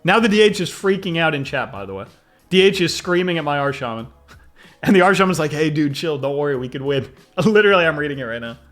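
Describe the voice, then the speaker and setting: A young man with a slightly high voice talks through replays of his own matches, excitable and quick to laugh. His delivery jumps around as the action unfolds, and faint music plays underneath. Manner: excitable, fast-shifting, laughs often. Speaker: gaming video creator. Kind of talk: gameplay replay commentary.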